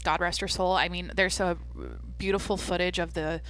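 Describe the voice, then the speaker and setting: A young woman hosting her own podcast, chatting casually in a rambling, jokey way with lots of fillers and a deadpan streak. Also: on the low side, moderate pace. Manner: self-described deadpan. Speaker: podcast host. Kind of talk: casual solo podcast chat.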